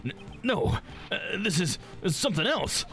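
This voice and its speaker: A man's voice: high voice, very animated, normal speed, a bit bright, soft background music, voice pushed up, exaggerated voice. Man voicing a stammering, cornered prisoner. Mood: defiant. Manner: stammering, indignant denials. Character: defensive, stammering male prisoner suspect.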